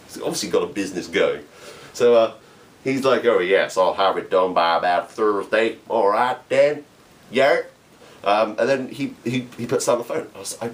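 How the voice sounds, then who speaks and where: A young amateur comedian from England delivers a storytelling stand-up monologue with animated energy, his pitch lively, laughing quickly and restarting lines.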